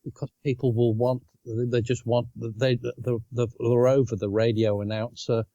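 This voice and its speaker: An Australian man co-hosting a casual podcast, talking in halting, restarting phrases with easy chuckles. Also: medium pitch, level tone, mellow, no echo, highs cut off. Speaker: podcast co-host. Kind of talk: casual chat.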